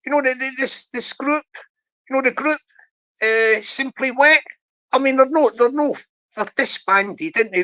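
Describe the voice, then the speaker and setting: A woman's voice: fairly high pitch, a bit bright. A woman hosting a livestream, chatting in a rambling way and humming bits of songs. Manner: rambling, hums and sings snatches of songs. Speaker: livestream host. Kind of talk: rambling casual chat. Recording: dull lo-fi audio.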